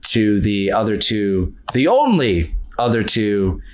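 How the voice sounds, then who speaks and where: A man co-hosting a podcast, talking through his favorite movies in casual chat, earnest and quick to laugh. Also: lowish voice. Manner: earnest, animated, laughs often. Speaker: podcast co-host.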